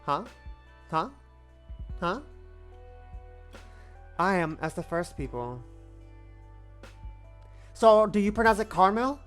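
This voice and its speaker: A woman's voice: fairly low pitch, expressive, takes it slowly, pauses often, faint music behind. A woman in her twenties streaming a game, chatting casually, rambling and playfully repeating herself. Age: 20s. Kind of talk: casual let's-play chat.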